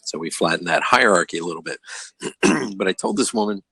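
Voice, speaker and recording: Gravelly-voiced older man telling stories. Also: low-pitched, fairly quick, no room sound. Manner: animated storyteller who acts out quoted voices. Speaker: host. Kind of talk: casual storytelling discussion. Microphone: video call.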